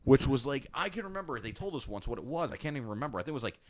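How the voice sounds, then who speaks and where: A man co-hosting a livestream in casual chat, recalling old stories in a dry, low-key way. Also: sing-song, rapid-fire, crowd noise. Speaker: livestream co-host.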